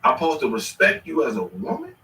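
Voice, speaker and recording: A man's voice: fairly high pitch, wildly swooping pitch, a little fast, pushed and bright. A man casually reacting to clips on a stream, rambling and slangy with sudden bursts of laughter. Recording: echoey room, mic at a distance.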